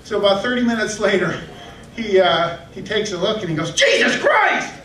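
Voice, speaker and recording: A man from Michigan doing a self-deprecating stand-up comedy set in a comedy club, now and then jumping into high yelping voices. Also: fairly quick. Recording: echoey club from a distant camera.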